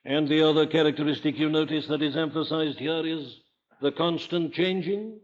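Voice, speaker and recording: The preacher is an older Welsh man whose Welsh-accented voice is a little high, steady, and moderately paced. His sermon is emphatic, full of rhetorical questions that climb toward forceful declarations, heard through a dull lo-fi archival recording.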